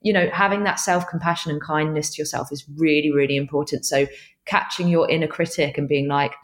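A woman guest on a podcast, chatting in a lively way about what helps her, sometimes acting out little voices. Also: deep voice, fairly quick, echoey room. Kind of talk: casual chat.

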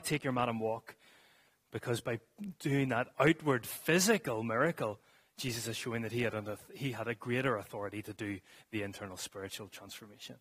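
A man's voice: mid-range voice, normal speed, a bit bright, husky. Man preaching a sermon, earnest. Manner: earnest, with some stumbles and restarts. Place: church hall with a congregation.

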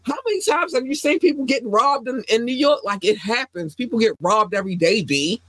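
A woman's voice: a little high, animated, a little fast, fairly bright tone, no room sound. A woman hosting a casual podcast while sick with a sore throat and runny nose, talking emphatically and repeating phrases for effect. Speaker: podcast host.

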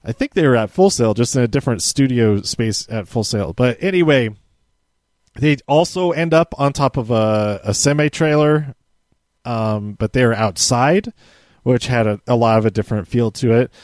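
A man's voice: mid-range voice, normal speed, a little mellow, dry recording. A man casually reviewing a wrestling episode from handwritten notes, rambling with many fillers and restarts.

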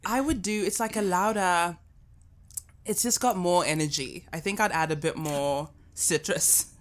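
A woman's voice: lowish voice, measured pace. A woman guest on a podcast, joking around in casual chat. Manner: jokey, animated.

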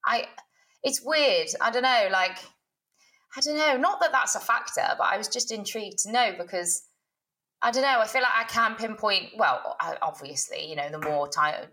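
A woman's voice: mid-range voice, bright, forceful tone. A young woman co-hosting a podcast, rambling in casual chat with lots of fillers and giggles. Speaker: podcast co-host.

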